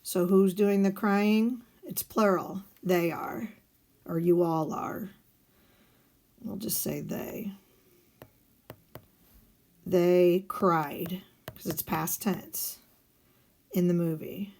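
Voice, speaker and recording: A woman's voice: fairly low pitch, fairly even intonation, extremely slow, long pauses, darkish tone. A woman teaching a recorded lesson, explaining step by step and asking and answering her own questions. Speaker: Spanish teacher. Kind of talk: recorded video lesson walking through guided notes.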